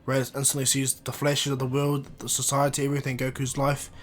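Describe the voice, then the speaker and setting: A man casually retelling a fan-made story, rambling along with frequent restarts and fillers. His voice sits mid-pitch for a man and stays fairly flat in tune. He sounds like a hobbyist narrating a what-if tale. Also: brisk, slight background noise.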